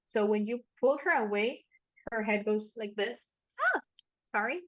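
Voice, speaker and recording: A woman narrating a tabletop horror game as game master, talking casually with fillers and quick self-corrections. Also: mid-range voice, dull audio, a crowd in the background. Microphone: headphones and microphone.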